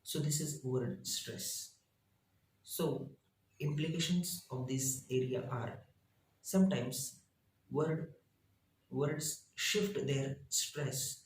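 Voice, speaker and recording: A man, a teacher reading his lesson out slowly in short, halting phrases. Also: mid-range voice, echoey room, a little hiss or hum, low-quality recording. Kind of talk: reading lesson slides aloud.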